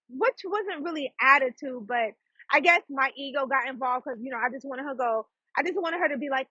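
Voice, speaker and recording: A woman, hosting her own podcast and telling a story in a fast, chatty way, with laughs and asides to her listeners. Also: sits high, sing-song, pushed and bright, no echo, lo-fi sound. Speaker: podcast host and psychic. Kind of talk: casual storytelling monologue.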